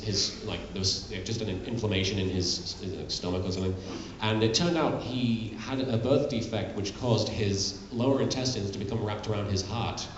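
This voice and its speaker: A man answering audience questions at a convention panel, talking in a candid, halting, self-deprecating way. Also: mid-range voice. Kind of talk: live Q&A panel talk. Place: large convention hall. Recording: echoey, dull convention hall sound. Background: audience murmur.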